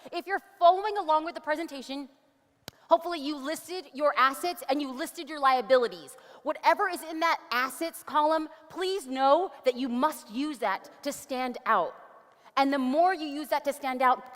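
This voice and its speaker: Woman, conference speaker, high voice, upbeat, jokey asides, long reverb in a big hall. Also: a bit bright. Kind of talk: energetic conference presentation.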